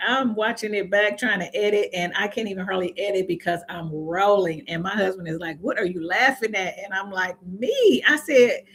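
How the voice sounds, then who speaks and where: A woman's voice: mid-range voice, a little fast, few pauses, fairly bright tone, breathy edge. A middle-aged woman from Indiana, with an Indiana accent and some Southern sayings, chatting in a rambling way with her viewers on a livestream and often laughing at herself. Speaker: natural hair YouTuber hosting a livestream. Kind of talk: casual livestream chat with viewers.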